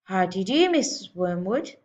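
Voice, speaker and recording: A woman's voice: medium pitch, big pitch swings, moderate pace, muffled recording, natural voice. A woman voicing a firm, earnest young teacher. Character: gentle but firm young woman schoolteacher.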